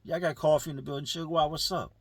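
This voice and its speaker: A man voicing a smooth-talking male inmate hustler in a retold story. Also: on the high side, steady tone, very fast, no echo. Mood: casual.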